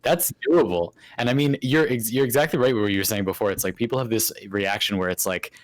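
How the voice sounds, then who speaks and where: A man's voice: lowish voice, fast, no room sound. A man hosting a casual podcast chat, joking and teasing, reading chat questions in a dramatic mock voice. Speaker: podcast host.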